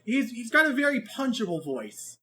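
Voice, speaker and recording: A man co-hosting a podcast, chatting casually in an animated, rambling way, with lots of swearing and restarts. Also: very high-pitched, moderate pace. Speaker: podcast co-host reviewing an anime. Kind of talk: casual chat.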